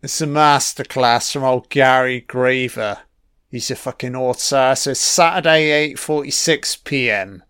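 A man of medium pitch, with a clear, resonant and fairly bright tone, delivers sarcastic film commentary at a measured pace. He mocks the on-screen action and curses constantly; the studio-quality recording has no room sound.

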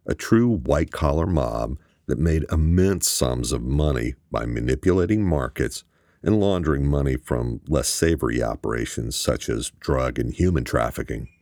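A man with a strikingly deep, low voice narrating a novel at a measured, even pace. The recording is dry and close, with no room sound. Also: dry recording. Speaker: audiobook narrator. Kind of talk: scripted narration.

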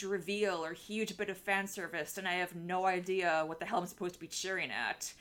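A woman's voice: fairly low pitch, a little fast, hardly any pauses, fairly bright tone. A woman co-hosting a podcast in casual chat, talking animatedly with frequent laughs and filler words. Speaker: podcast co-host.

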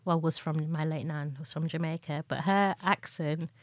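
A woman's voice: low voice, steady tone, normal speed, dry recording, clean studio sound. A young woman with a northern English accent chatting casually as a podcast co-host, laughing often and acting out little exchanges. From northern England. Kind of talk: casual chat.

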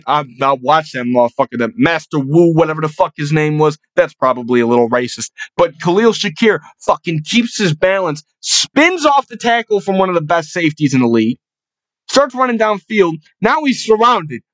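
A man's voice: expressive, normal speed, dry recording, low-quality recording. Fired-up, foul-mouthed young man. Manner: swears constantly, gets louder and higher when hyped. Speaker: sports podcast host. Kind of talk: profane, excitable fan rant.

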